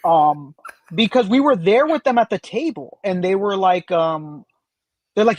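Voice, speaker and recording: A man's voice: high voice, lively intonation, normal speed, no room sound. A man chatting as a podcast guest, rambling through stories with many fillers and restarts. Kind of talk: casual chat.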